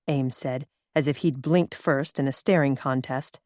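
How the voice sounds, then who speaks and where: A woman narrating an audiobook in a steady, measured storytelling manner. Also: rumbling low, no room sound, clean studio sound. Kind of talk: scripted narration.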